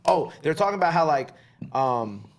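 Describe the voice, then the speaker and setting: Rambling young radio host. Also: male voice, fairly high pitch, sing-song, normal speed. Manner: rambling, filler-heavy questions with laughs. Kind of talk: casual interview chat.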